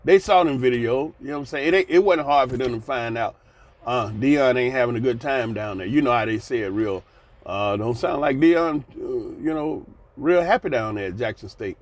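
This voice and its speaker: A man's voice: medium pitch, moderate pace. A man in his sixties giving blunt, folksy commentary, ranting and sighing between points. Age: 60s. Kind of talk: casual commentary vlog.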